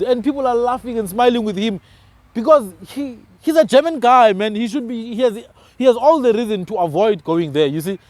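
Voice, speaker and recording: A high-pitched South African man talks with real force, punching his points home and tagging "man" onto his phrases. The sound is dry and close, with no room echo. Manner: emphatic, animated, ends phrases with "man". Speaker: podcast host. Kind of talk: casual discussion.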